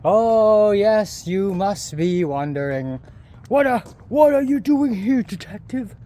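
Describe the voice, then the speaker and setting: A young man putting on the voice of a grandiose male detective, loud and theatrical, out on an empty street at night. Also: expressive, takes it slowly. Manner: loud, theatrical, booming announcer delivery.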